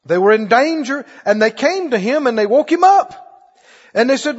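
High-voiced husky preacher in an echoey hall. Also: male voice, animated, normal speed, highs cut off. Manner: quizzes the congregation with repeated questions. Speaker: pastor. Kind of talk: sermon.

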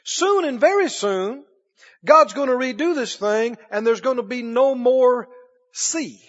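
A man preaching a sermon emphatically, repeating phrases and rising into shouts. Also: very high-pitched, expressive, measured pace. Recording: dull lo-fi recording.

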